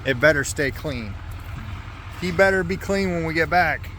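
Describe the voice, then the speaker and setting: A man's voice: fairly high pitch, lively intonation, normal speed, fairly bright tone, slight background noise. Easygoing middle-aged man vlogging outdoors. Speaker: family vlogger, father. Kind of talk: casual vlog narration.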